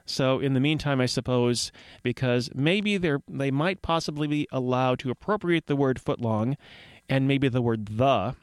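Male radio host in a dry, close studio sound, mid-pitched, jokey and rambling on local news. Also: normal speed, clean tone, no room sound. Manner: wry, rambling asides and puns.

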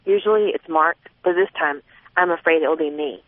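A woman's voice: sits low, normal speed. Woman reading a novel over a tinny line. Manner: expressive, voicing a twelve-year-old girl's inner thoughts. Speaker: audiobook narrator. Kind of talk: first-person novel reading. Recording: narrow phone-like sound, dry.

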